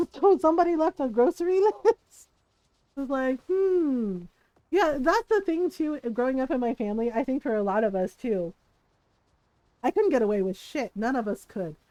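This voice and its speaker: Lady streamer rambling a funny family story, swears, laughs a lot, high voice. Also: moderate pace, dry recording, lo-fi sound. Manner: animated, laughs often, swears freely. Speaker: game streamer. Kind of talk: casual storytelling while gaming.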